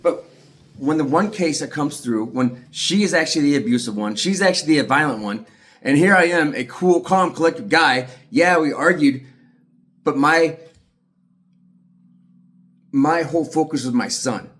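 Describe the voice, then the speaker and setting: A man's voice: fairly high pitch, expressive, normal speed, long pauses, fairly bright tone. Angry man ranting with heavy swearing. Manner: profane, agitated, emphatic. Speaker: aggrieved father telling his story. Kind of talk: angry monologue to camera.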